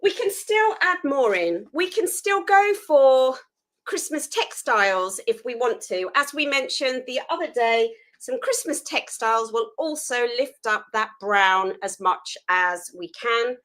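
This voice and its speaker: A woman's voice: on the high side, lively intonation, a little slow, a bit bright, poor audio. A woman hosting a live food photography tutorial, chatty and self-deprecating while she works hands-on.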